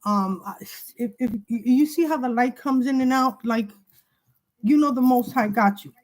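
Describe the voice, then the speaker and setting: A woman's voice: on the high side, moderate pace, darkish tone, poor audio. A woman giving an emotional tarot reading who talks in an agitated way, repeats herself and swears. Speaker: tarot reader. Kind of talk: emotional spiritual tarot monologue.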